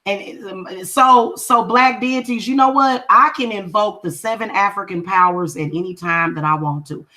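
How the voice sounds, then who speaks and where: At a moderate pace, a woman with a medium-pitched, pushed, bright voice speaks casually to her livestream viewers. A reader and spellworker, she's emphatic and confrontational, stressing her points by saying them again.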